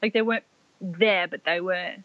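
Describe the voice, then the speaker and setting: A young Australian woman, a podcast guest, telling a personal story in a soft, rambling way full of "like" fillers. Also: lowish voice, steady tone, moderate pace, no room sound. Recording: dry, slightly dull lo-fi audio.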